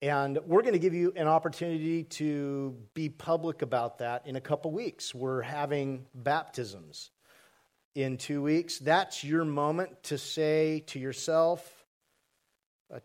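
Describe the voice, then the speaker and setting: A pastor preaching a sermon to a congregation, conversational and asking the audience questions. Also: male voice, on the high side, measured pace, darkish tone. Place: church hall with congregation. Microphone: handheld mic.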